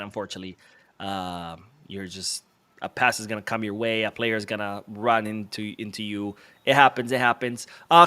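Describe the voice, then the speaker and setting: Man, live stream host, mid-pitched, chatty and self-mocking, calls the play and reads out chat. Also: pushed and bright. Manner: chatty, self-deprecating, reads viewer comments aloud. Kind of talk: casual live match watch-along commentary.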